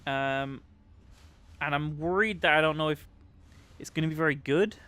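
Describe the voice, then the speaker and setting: A man's voice: a little high, moderate pace, pushed and bright, clear, resonant tone. Chatty British man gaming. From Britain. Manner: chatty, rambling, with many fillers. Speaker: livestream gamer. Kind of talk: casual gameplay commentary.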